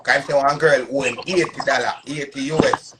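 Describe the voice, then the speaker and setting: A man's voice: mid-range voice, fairly even intonation, brisk, very noisy. A man in his thirties with a Jamaican Patois accent, ranting on a casual live stream in an emphatic, repetitive, boastful way. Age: 30s.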